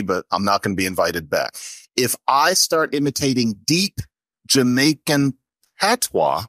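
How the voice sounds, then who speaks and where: A man's voice: mid-range voice, no echo. A man talking as a guest, explaining ideas conversationally. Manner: animated, expressive intonation. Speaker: guest linguist.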